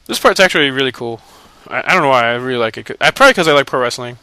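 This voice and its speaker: A man's voice: medium pitch, lively intonation, racing, hardly any pauses, bright, forceful tone, smooth, no echo. A man giving casual, profane commentary over gameplay, laughing and mocking the characters. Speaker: video game let's-play commentator.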